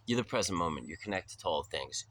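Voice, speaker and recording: Young man, very low voice, bright forceful tone, casual rambling monologue, slangy and profane, drifting into spiritual talk. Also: expressive, fast talker. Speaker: vlogger.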